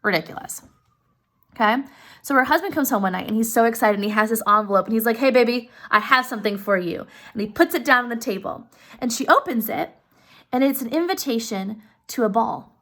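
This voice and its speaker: A woman's voice: fairly high pitch, expressive, fairly quick, fairly bright tone. A woman retelling a story in a casual, chatty way, talking straight to her listeners and using many fillers.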